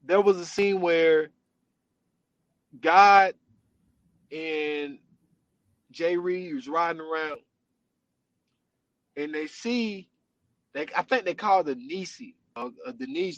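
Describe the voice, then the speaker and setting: A male podcast host tells a story in loose, animated, casual chat, sprinkling in "you know what I'm saying". His fairly high voice moves slowly with long pauses, and the close mic makes it dry and deadened, with no room sound and dull audio.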